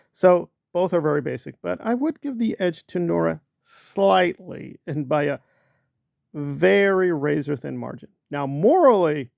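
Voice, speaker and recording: Sarcastic gravelly man doing commentary. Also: on the high side, a little mellow, no room sound, studio quality. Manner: mocking, sarcastic, drawn-out emphasis. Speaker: commentary channel host.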